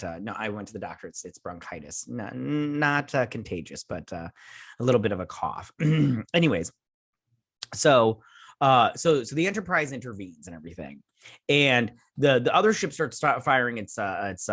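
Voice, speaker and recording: A man's voice: lowish voice, expressive, normal speed, fairly bright tone, breathy edge. Guy rambling thru his episode review, kinda scatterbrained, dry no-echo sound. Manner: rambling, scatterbrained, many restarts. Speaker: channel host reviewing a TV episode. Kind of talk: casual unscripted review chat.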